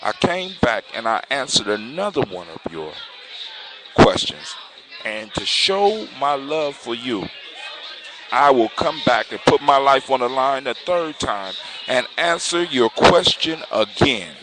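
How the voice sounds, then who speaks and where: A man voicing a brave young prince in a spoken story, formal and measured. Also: medium pitch, very animated. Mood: solemn. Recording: noisy recording with clicks.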